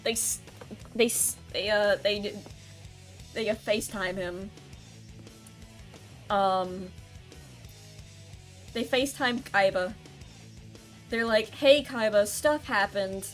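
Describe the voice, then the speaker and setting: A woman's voice: mid-range voice, steady tone, slow, pauses often, faint music behind. A woman streamer chatting casually while she plays, rambling through a recap with many ums and restarts. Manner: rambling recap with filler ums and self-corrections. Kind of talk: casual gameplay stream chat.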